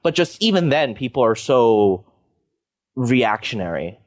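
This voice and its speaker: A man's voice: mid-range voice, big pitch swings, a little slow, dry recording. A young man from Canada chatting casually as a podcast host, rambling with plenty of fillers like "like" and "you know". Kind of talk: casual chat.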